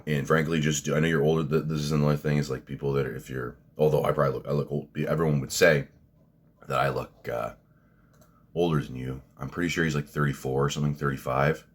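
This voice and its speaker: A man's voice: very deep voice, little pitch movement, fast. A man, rambling bluntly through a casual commentary vlog, swearing freely and restarting his sentences. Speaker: fitness vlogger.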